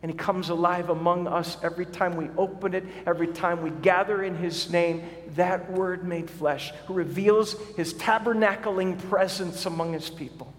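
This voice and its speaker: A middle-aged man preaches a sermon in a church sanctuary, and his voice sits high for a man. He speaks earnestly and often doubles words as he starts sentences. A long hall reverb trails each phrase. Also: fairly even intonation, normal speed, few pauses. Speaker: pastor.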